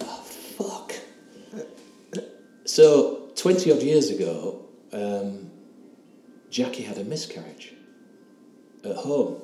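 A man in his 60s, his voice fairly low and dark, earnestly tells a personal story as an interview guest. His retelling is emotional and halting, with quoted dialogue. The recording has a roomy echo and faint background hiss.

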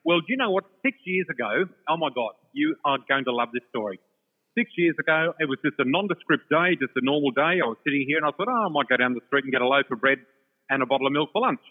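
A man telling an animated personal story, laughing often and acting out the other voices, from a shopping centre. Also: medium pitch, rapid-fire, husky. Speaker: storyteller guest. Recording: tinny phone line with long reverb.

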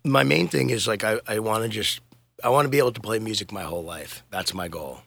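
A man's voice: lowish voice, brisk, creaky, fairly bright tone. A middle-aged man, a touring musician, chatting casually in a podcast interview, rambling and laid-back, swearing and laughing often.

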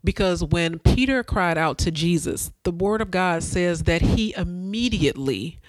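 A woman's voice: lowish voice, expressive, unhurried, no echo. A woman hosting her own podcast, giving an earnest, preacher-like motivational talk that repeats phrases for emphasis. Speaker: podcast host.

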